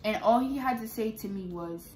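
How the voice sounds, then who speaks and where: A woman's voice: medium pitch, normal speed, noisy background. A young woman telling a storytime to camera in casual, blunt, slangy and profane talk. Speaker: vlogger. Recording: echoey room.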